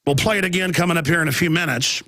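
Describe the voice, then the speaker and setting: A man's voice: fairly high pitch, racing, pushed and bright, dry recording. A man in his thirties with a Texan accent hosting a live talk radio show, telling a rambling story full of restarts and quoted voices.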